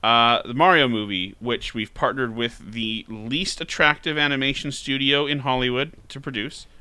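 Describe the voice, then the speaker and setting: A man's voice: mid-range voice, steady tone, normal speed, pushed and bright, clear, resonant tone, no echo. A man voicing a smug male game company boss giving a glib corporate announcement. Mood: smug announcing.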